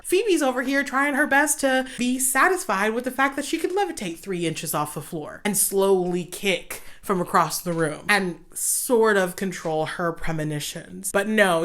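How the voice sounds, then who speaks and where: A young woman hosting a show, ranting in casual commentary, animated, sarcastic and exasperated. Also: fairly low pitch. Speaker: host.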